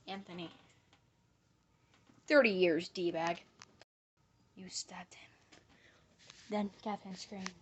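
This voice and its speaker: A woman's voice: mid-range voice, darkish tone, slight background noise. A woman narrating a mystery reveal, theatrically accusing the culprit as she retraces the crime step by step.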